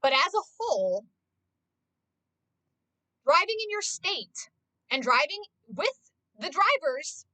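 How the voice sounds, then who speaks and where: Bright, high-voiced woman ranting. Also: big pitch swings, slow pace, long pauses, no echo, low-quality recording. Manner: swears constantly, ranting and exasperated. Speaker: streamer. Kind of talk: casual ranting chat.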